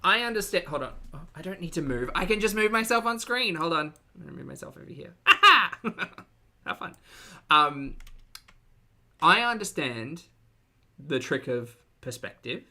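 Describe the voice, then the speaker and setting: A woman's voice: deep voice, lively intonation, moderate pace, pushed and bright. A woman streamer reacting to videos with sarcastic, mocking commentary.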